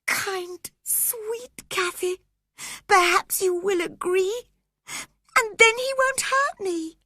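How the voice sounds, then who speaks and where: A woman voicing a sickly, terrified teenage boy who sobs and pleads in a high, shaky voice. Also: slow, pushed and bright, no room sound, heavily acted. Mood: sobbing.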